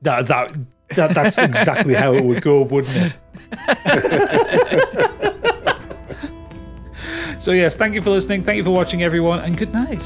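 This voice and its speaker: A man's voice: on the high side, normal speed, pauses often, faint music behind. A man hosting as game master, wrapping up the episode in a rambling, laughing way and swearing casually. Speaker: game master and podcast host. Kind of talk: casual podcast outro and plugs.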